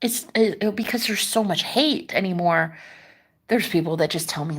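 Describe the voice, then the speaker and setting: A woman's voice: on the low side, moderate pace, breathy edge. A woman who works as a manifestation coach, talking in a casual vlog monologue, emphatic and full of swearing, rambling from one point to the next.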